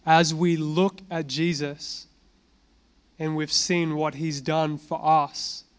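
A man's voice: on the high side, little pitch movement, slow, clean tone. A man giving an informal sermon, telling personal testimony in a conversational way and asking and answering his own questions. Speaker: preacher.

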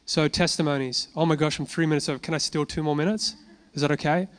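This is a casual, conversational sermon built around personal testimony, delivered by a fast-talking man who weaves in his own life stories. Over and over he asks the audience rhetorical questions and supplies the answers. His voice is clear and smooth, pitched slightly high for a man.

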